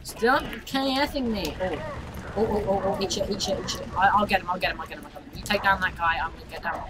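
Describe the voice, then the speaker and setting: A young man chatting casually and crudely while playing a game, often shouting insults at enemies. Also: high-pitched, little pitch movement, very fast. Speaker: gamer co-host. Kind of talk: casual gaming chat. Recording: faint background noise.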